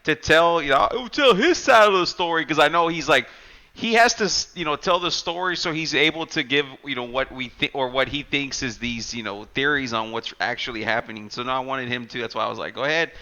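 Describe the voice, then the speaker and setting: A man's voice: mid-range voice, brisk, bright, forceful tone, lo-fi sound. A man hosting a podcast, chatting in a rambling, laid-back and joking way. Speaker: podcast host. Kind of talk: casual podcast chat.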